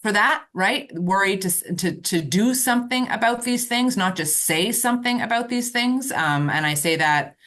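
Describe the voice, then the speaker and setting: A woman's voice: mid-range voice, expressive, moderate pace, few pauses, fairly bright tone. A woman political reporter speaking as a podcast guest, earnest and emphatic, with frequent restarts. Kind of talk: casual political talk. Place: remote from Ottawa.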